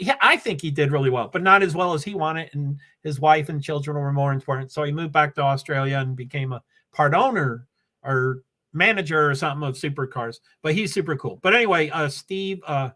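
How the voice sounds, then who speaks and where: Older male stream host, slightly high voice, scattered chatty delivery. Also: fairly bright tone. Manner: chatty and scattered, reading viewer comments aloud. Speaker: livestream host. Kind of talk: rambling casual livestream chat. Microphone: laptop.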